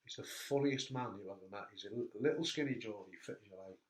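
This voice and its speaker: A man hosting a casual chat, an animated storyteller who laughs at his own anecdotes. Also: lowish voice, quick pace. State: hurt back. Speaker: host. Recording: echoey room.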